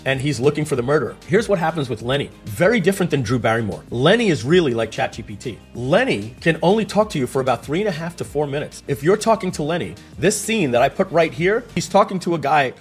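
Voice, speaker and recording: A man's voice: on the high side, quick pace, hardly any pauses, soft background music. A man giving a casual screen-share explanation, telling stories and asking rhetorical questions as he goes. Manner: animated, storytelling, rhetorical questions. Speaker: tech explainer.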